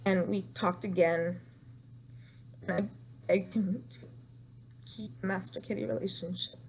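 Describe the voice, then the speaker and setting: A woman's voice: mid-range voice, fairly even intonation, a little slow, darkish tone, a little hiss or hum. A young woman telling an emotional storytime vlog, distraught and rambling, repeating herself and crying at times.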